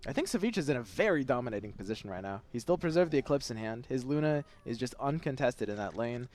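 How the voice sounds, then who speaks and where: A man's voice: mid-range voice, animated, quick pace, darkish tone, a little hiss or hum. A man doing play-by-play esports commentary on a headset, analytical and weighing each player's options. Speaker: esports caster.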